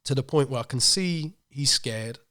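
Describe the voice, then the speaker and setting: A man, co-hosting a podcast and telling a story in a casual, animated way. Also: mid-range voice, moderate pace. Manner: animated storyteller acting out quoted voices. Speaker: podcast co-host.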